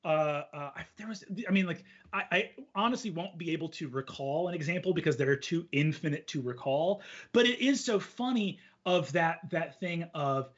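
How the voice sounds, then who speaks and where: A man hosting a casual conversation about storytelling, talking in an animated, rambling way with lots of fillers. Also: a little high, normal speed, hardly any pauses, highs cut off. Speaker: host.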